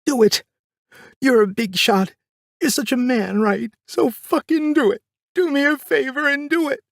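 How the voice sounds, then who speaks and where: A defiant young mother screaming in fury, as a male narrator puts her on, her voice hoarse and guttural and pushed far above his own. This audiobook figure is harsh and raw, every word forced out. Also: extremely high pitch, unhurried, no echo, studio quality, voice pushed up, heavily acted. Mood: furious.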